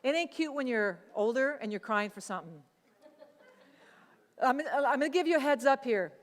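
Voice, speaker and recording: A woman's voice: high voice, lively intonation, moderate pace. Woman pastor preaching in a reverberant hall. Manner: conversational, acts out quoted voices. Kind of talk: sermon.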